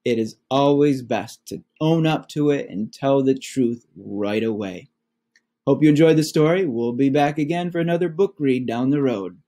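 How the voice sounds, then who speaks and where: A man reading a children's storybook aloud with slow, expressive storytelling. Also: mid-range voice. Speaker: children's book reader.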